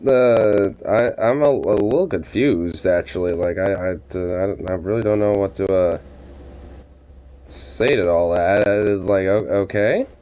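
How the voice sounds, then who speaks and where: A man's voice: fairly low pitch, unhurried, dark tone, smooth, poor audio. A young man reacting to a news clip, rambling and incredulous, with lots of cursing and stammered restarts. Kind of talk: casual reaction commentary.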